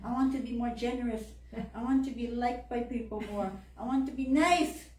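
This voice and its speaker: A woman's voice: on the high side, normal speed, a little mellow. Candid woman telling stories in church. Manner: candid storyteller, acts out quoted voices, laughs often. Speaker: church member giving a talk. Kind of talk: personal faith talk. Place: church hall. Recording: roomy, from far off the mic.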